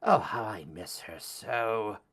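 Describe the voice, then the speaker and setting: A man voicing an ancient, decrepit hag crone who speaks slowly and wheedles for a favor. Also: fairly low pitch, fairly bright tone, exaggerated voice. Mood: wheedling. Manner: slow, drawn-out, wheedling speech.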